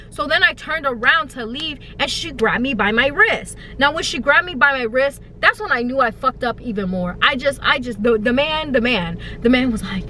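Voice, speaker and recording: Young woman, high voice, bright and sharp, storytime vlog, profane slang, theatrical wailing. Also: expressive, normal speed, few pauses, a little hiss or hum. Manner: dramatic, swings into high wailing and mock crying. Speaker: YouTuber telling a storytime.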